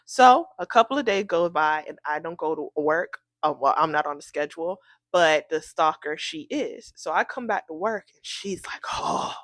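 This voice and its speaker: A woman telling a storytime tale in an animated, incredulous way, acting out the people she quotes. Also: sits low, moderate pace, no echo. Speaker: storytime vlogger. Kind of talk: casual storytime.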